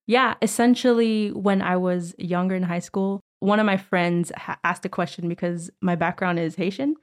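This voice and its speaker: A young woman with a somewhat low voice talks in a relaxed, chatty way as an interview guest. She is from Montreal and leans on fillers like "essentially" while laughing easily. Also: moderate pace. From Canada, Montreal. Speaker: guest artist. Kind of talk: casual interview chat.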